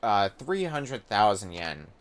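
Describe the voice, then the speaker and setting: A man's voice: fairly low pitch, very animated, slow pace, clean tone. A man reading the lines of a polite, apologetic host club worker in a game, formal and explaining.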